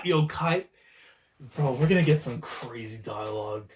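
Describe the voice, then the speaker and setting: A man hosting a live manga reaction, talking in an excitable, slangy way with frequent exclamations. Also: medium pitch, a little slow.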